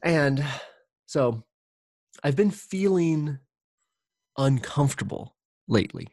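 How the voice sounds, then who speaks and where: A man's voice: a little high, lively intonation, takes it slowly, darkish tone, dry recording, studio quality. A man in casual reflective conversation, talking candidly in a rambling way, with many fillers and restarts and casual swearing.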